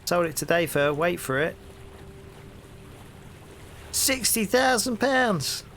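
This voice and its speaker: A man voicing a gruff, lazy male London street copper in a point-and-click game, talking in brash Cockney rhyming slang. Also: a little high, fairly quick, a bit bright, a little hiss or hum, pitched above the performer's own voice. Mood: boastful.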